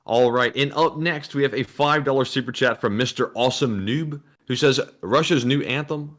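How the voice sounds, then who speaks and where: A man co-hosting a livestream, reading out viewer messages in a steady announcing way and chatting casually. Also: medium pitch, moderate pace.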